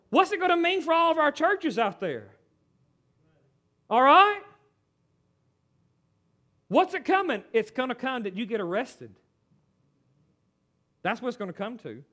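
High, bright-voiced preacher. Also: male voice. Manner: dramatic, swings from shouting to hushed. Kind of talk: sermon.

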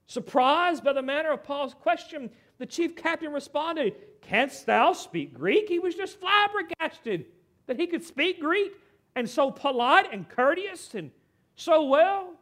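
Speaking at a measured pace in a very high voice, a middle-aged American pastor delivers a lively, conversational sermon. Now and then he turns to make asides to the congregation.

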